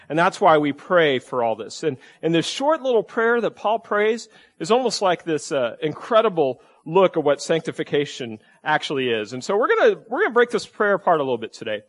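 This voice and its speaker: A man delivering a sermon from the pulpit, easygoing and folksy, with self-deprecating asides. His voice sits a little higher than most men's. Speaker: pastor.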